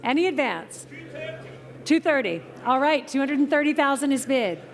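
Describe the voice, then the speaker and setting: A woman working as an auctioneer at a live car auction, calling bids in brisk patter and teasing the bidders. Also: high-pitched, expressive. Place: auction tent at an outdoor car show.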